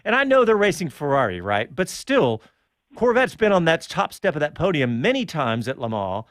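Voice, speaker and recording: Brief: male host, lively swinging delivery, dry close sound. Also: a little high, moderate pace, no echo. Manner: animated and chatty, laughs often. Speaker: show host. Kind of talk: casual motorsport chat.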